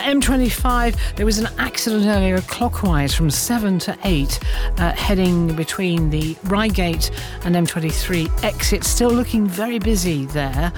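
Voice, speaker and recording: A woman giving a radio traffic report, brisk and easygoing. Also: fairly low pitch. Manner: brisk, laughs easily.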